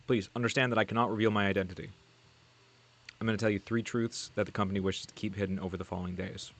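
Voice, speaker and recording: A low-voiced, guarded insider , as a man reads him out, speaking in short, careful sentences as if every word on the line could get him caught. He probes, then pulls back, the manner of a secretive male informant in a video game. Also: steady tone, quick pace, lightly acted. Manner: guarded, terse and probing. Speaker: game character read aloud.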